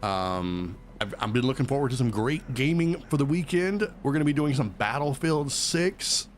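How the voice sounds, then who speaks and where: A man's voice: medium pitch, animated, normal speed. A man chatting casually as a streamer while he plays a game, rambling and joking along. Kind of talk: casual gameplay commentary.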